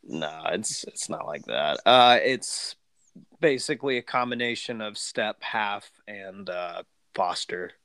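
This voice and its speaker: Man, podcast host, casual rambling chat, smooth resonant tone, dry sound. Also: fairly low pitch, animated, takes it slowly, a bit bright, no echo. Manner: rambling, many fillers and restarts.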